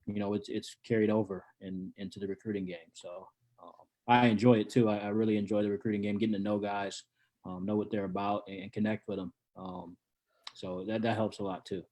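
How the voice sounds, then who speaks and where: A man with a lowish voice talks about recruiting in a casual interview. He is laid-back and searches for words, restarting phrases often as he goes. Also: little pitch movement, brisk, a little mellow. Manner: laid-back, many ums and repeated starts. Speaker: college wrestling coach and recruiter.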